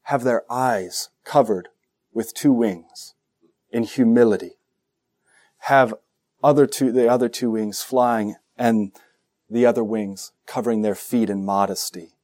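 Male pastor, sermon delivery, animated with humorous asides. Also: mid-range voice, measured pace. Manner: animated, joking asides, acts out quoted voices.

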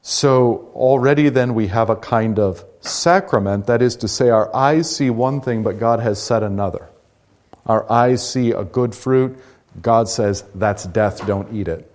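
A man's voice: medium pitch, a little slow, a little mellow. A man leading a Bible study class, explaining scripture conversationally and asking rhetorical questions.

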